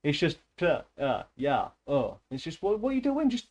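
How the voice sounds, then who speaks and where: A man's voice: fairly high pitch, huge pitch swings, moderate pace, a little mellow. Rambling, laughing man. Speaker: streamer reading aloud. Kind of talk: casual chat.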